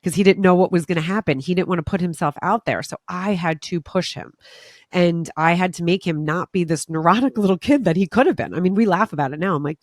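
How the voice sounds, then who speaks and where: Animated woman host telling stories. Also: on the low side, fast talker, dry recording, clean studio sound. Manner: lively storyteller acting out quoted voices; swears casually. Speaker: podcast host. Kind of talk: casual conversation.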